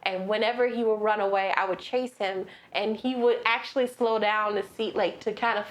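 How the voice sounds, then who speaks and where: A woman hosting a casual movie recap, animated and acting out the characters' voices as she tells the plot. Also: mid-range voice, moderate pace. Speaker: podcast host.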